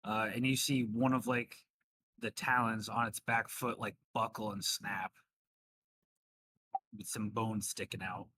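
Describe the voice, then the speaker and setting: A man acts as game master for a tabletop game, his voice bright and forward. He narrates blows and counts damage in a casual, easygoing way over a call. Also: fairly low pitch, level tone, measured pace, pauses often, slight background noise. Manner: casual, descriptive, tallies dice aloud.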